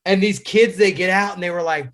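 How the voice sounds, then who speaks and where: A man with a noticeably high speaking voice tells a story in a loose, casual way. He swears freely and breaks into laughter mid-sentence. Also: fairly quick, fairly bright tone. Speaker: guest.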